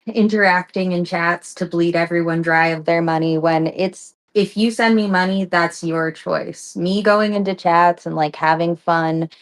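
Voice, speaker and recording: A woman's voice: on the low side, fairly even intonation. A woman guest on a stream, chatting frankly and casually, with fillers and restarts. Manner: frank, laid-back, halting with fillers. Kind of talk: casual chat.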